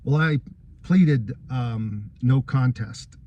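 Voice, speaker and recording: Speaking directly to the listener, an aggrieved man gives a first-person account of a court case, going through the events one by one. His ordinary mid-pitched voice stays earnest and wronged throughout, delivered slowly over dull audio.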